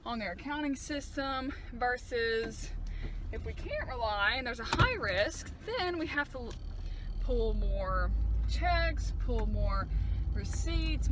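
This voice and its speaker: Chatty young woman vlogging from her car. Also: a little high. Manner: chatty and rambling, laughs between thoughts. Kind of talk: casual vlog chat. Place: in her car and walking outdoors. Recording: car and road noise behind. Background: car and traffic noise.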